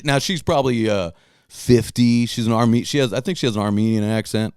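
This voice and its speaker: A man's voice: medium pitch, brisk, a little mellow, clear, resonant tone, dry recording, studio quality. A middle-aged man rambling through a story and talking to his followers, cursing and restarting his sentences. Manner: rambling, restarts, profane, laughs at himself. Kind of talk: casual storytelling monologue.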